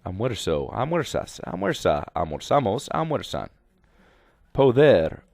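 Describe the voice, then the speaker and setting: A man's voice: on the low side, sing-song, unhurried, vocal fry, darkish tone, no echo, clean studio sound. A man teaching a grammar lesson slide by slide, speaking instructively and repeating directions to students. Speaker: Spanish teacher.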